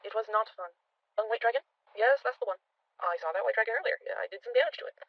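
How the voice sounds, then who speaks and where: A game master voicing a blunt, dry-humored tiefling mother who has just woken from a long sleep, talking in a brisk, matter-of-fact way. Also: mid-range voice, dry recording, muffled recording, close to an everyday voice. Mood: weary.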